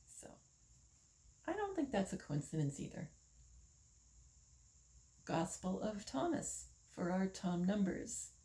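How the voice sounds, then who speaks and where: An older woman from the United States, talking slowly in a casual monologue, musing with pauses and fillers. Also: mid-range voice, sing-song, dark tone, rough recording. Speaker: vlogger.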